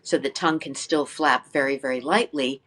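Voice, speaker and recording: A woman's voice: a bass voice, normal speed. Older woman teacher full of rhetorical questions. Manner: animated, asks many rhetorical questions, sings demonstration syllables. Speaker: flute teacher, podcast guest. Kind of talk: interview, explaining practice methods.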